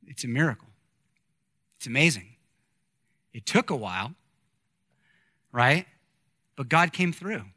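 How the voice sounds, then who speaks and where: A man in his forties preaching a conversational sermon, reading scripture and adding lively asides to his congregation. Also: on the high side, no echo, studio quality. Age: 40s. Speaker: pastor.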